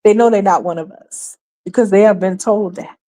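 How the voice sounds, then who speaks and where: Emphatic woman host with a mellow voice. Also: mid-range voice, moderate pace. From New York. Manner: emphatic, sarcastic, rants with rhetorical questions. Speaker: livestream host. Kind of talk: opinionated commentary.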